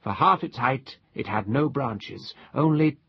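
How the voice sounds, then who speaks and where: A man reading a ghost story aloud in a measured, deliberate storytelling style. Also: medium pitch, expressive, breathy edge, no echo, muffled recording. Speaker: narrator.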